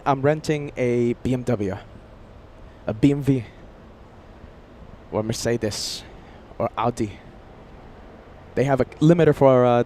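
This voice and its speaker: A man hosting a live plane-spotting stream outdoors near a runway, chatty and excitable, rambling as he reads chat aloud. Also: on the high side, slight background noise. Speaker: plane-spotting livestream host.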